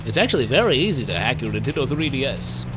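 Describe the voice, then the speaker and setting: A man's voice: mid-range voice, big pitch swings, quick pace. A man streaming a game live, ranting in frustration with lots of swearing and laughter. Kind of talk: live gaming commentary. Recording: game music playing behind.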